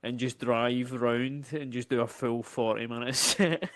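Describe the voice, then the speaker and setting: A man's voice: mid-range voice, fairly even intonation, measured pace, dry recording, clean studio sound. A Scottish man joking around in a casual podcast chat. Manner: joking, laughs between lines.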